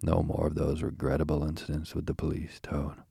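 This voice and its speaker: A man's voice: a bass voice, completely flat delivery, brisk, gravelly, warm tone, slightly rough, no echo, studio quality, full character voice. A man reading as a wry, kindly water rat. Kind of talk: soothing bedtime storybook reading.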